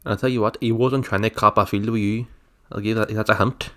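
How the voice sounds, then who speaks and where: A man's voice: on the low side, fairly even intonation, fairly quick, fairly bright tone. Wry Scottish man bantering. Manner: chimes in with wry jokes and embellishments. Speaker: podcast co-host. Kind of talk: casual banter.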